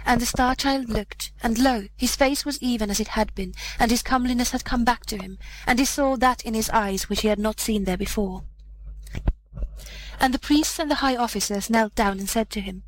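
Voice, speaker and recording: Brief: a woman storyteller, measured, slightly high, reading a classic fairy tale. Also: poor audio. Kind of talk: fairy tale read aloud.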